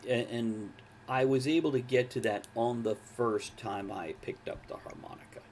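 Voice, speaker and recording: A talkative man in his forties hosts a casual streamed chat from home, with a faint hum of room ambience under his voice. He sounds relaxed and ready with a dry joke. His voice sits in a middle pitch. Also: normal speed. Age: 40s. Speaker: podcast host.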